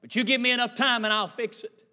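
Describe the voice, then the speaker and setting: A man's voice: extremely high pitch, steady tone, quick pace, heavily acted. A man voicing a tearful, determined old man talking about his long-lost car. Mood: tender. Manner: hushed, emotional, determined.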